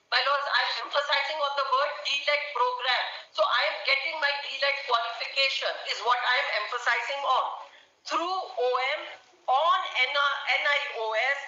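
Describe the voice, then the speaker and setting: A woman's voice: high voice, sharp tone. A woman advocate, formally arguing a case before judges. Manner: formal, addresses the bench repeatedly. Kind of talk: courtroom argument. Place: courtroom. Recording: dull roomy courtroom audio.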